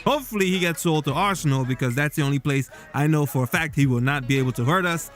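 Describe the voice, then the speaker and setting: Man, fan vlog host, rambling casual talk, slightly high voice, faint music underneath. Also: fast, a bit bright. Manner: rambling, loose, with many fillers and restarts. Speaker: football vlogger. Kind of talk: casual solo commentary.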